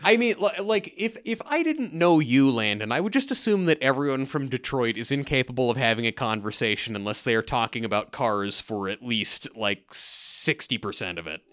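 Lively, bright-voiced man joking around. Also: medium pitch, moderate pace, hardly any pauses. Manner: playful, jokey, animated. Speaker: podcast co-host. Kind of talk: casual chat.

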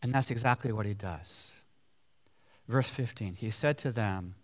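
A man's voice: on the low side, unhurried. A man preaching a sermon, emphatic, repeating key words and putting questions to the congregation. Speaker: pastor.

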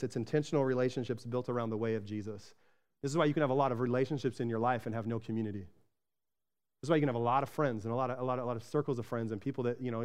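A man from Arizona preaching a sermon in a casual, chatty way, often checking in with the congregation and getting animated in his stories. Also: medium pitch. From Arizona, USA. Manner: animated storytelling, rising louder when excited. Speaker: pastor.

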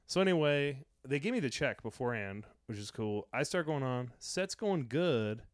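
A male comedian and podcast host telling a profane, animated story in casual chat. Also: mid-range voice, normal speed, dry recording, clean studio sound. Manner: animated, profane, acts out other people's voices.

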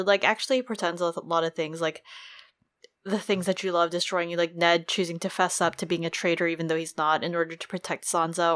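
A woman's voice: lowish voice, fairly bright tone, clean tone. A woman co-hosting a casual book discussion, chatty, full of likes and casual swearing. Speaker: podcast co-host.

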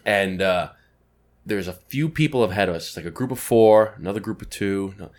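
A young man from New York, co-hosting a podcast and telling a story casually, with frequent swearing. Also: fairly low pitch. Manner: storytelling, swearing, quick animated retelling. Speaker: podcast co-host. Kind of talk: casual chat.

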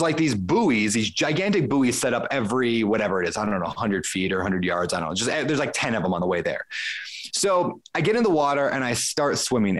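Man, podcast guest, mid-pitch, chatty storyteller who acts out his own thoughts and restarts often. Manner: frequent restarts and fillers. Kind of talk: casual conversational storytelling.

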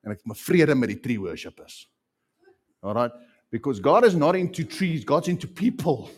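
A man preaching a sermon as pastor, animated and repeating phrases for emphasis. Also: mid-range voice, normal speed.

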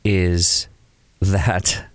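A man with a notably low, deep voice talks casually as a podcast co-host. He is animated and acts out quoted examples to make his points. The sound is dry and close, with no room echo. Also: drawn-out words. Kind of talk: casual conversation about creative work.

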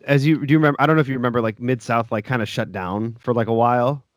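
A man who wrestles, telling a story in relaxed podcast chat, hedging with "like" and "um". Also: medium pitch, racing, no room sound, studio quality. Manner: laid-back, hesitant, with filler words. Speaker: professional wrestler.

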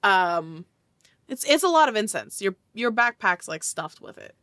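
A woman's voice: medium pitch, big pitch swings, measured pace, fairly bright tone, no room sound. Dry-voiced woman game master. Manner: loose, rambling with fillers and restarts. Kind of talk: narrating a tabletop game.

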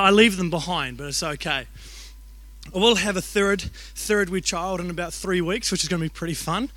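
A New man in his thirties preaches by telling stories, joking and acting out the voices of the people in them. His voice sits high and sounds bright and forward. The sound is dry and close. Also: dry recording. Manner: animated, jokey storytelling with acted-out voices. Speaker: youth and kids pastor. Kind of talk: storytelling sermon.

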